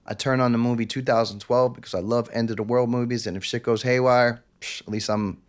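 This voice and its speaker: A man's voice: medium pitch, steady tone, brisk. Intense New man telling his story. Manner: intense, confessional, acts out quotes. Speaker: podcast guest. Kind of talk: candid interview storytelling.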